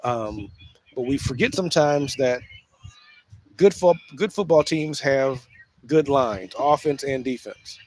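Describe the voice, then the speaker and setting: A man hosting a casual solo sports talk show, speaking in an animated way with frequent restarts and repeated phrases. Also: medium pitch, slow.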